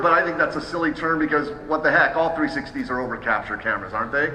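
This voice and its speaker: A man giving a casual, upbeat live software demo to an audience, with many fillers and restarts. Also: a little high, fairly even intonation, fairly quick. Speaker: software trainer presenting at a trade show. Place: large hall. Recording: roomy hall echo, faint ambience.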